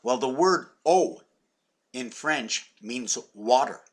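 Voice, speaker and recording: A man's voice: medium pitch, expressive, slow. A man from Quebec, Canada, talking in a meandering, playful vlog monologue full of wordplay and muttered asides. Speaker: vlogger.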